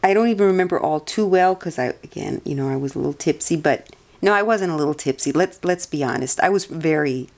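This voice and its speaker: An adult vlogger with a soft, fairly low voice tells her audience a long personal story at a fast clip. She meanders, corrects herself mid-sentence, and laughs often along the way.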